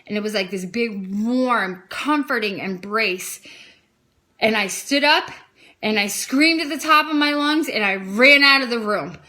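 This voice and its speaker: Home vlogger, female, bright tone, candid storytelling that swells with emotion. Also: on the high side, measured pace. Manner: emotional, gets loud and excited at key moments. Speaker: vlogger sharing her faith testimony. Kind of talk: casual personal storytelling.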